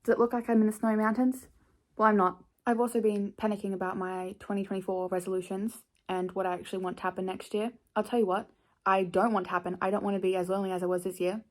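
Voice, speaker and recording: A young woman talks through her night routine at home, chatty and playful. She pokes fun at herself, and her pitch sits in an ordinary middle range. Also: little pitch movement, quick pace, a little mellow. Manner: chatty, playful, self-mocking. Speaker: vlogger. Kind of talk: casual vlog narration. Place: bedroom at home.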